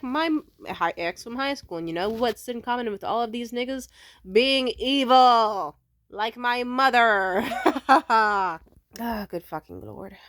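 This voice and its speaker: A young adult woman telling a personal story in a casual, rambling way, blunt and heavy on profanity. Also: medium pitch. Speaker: vlogger.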